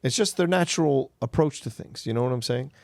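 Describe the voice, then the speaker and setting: A man's voice: mid-range voice, fairly quick, gravelly, a little mellow, no room sound, studio quality. A man co-hosting a podcast in casual chat, giving his views on actors and agreeing often. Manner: chatty, with frequent "you know" and backchannel agreement. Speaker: podcast co-host. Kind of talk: casual film discussion.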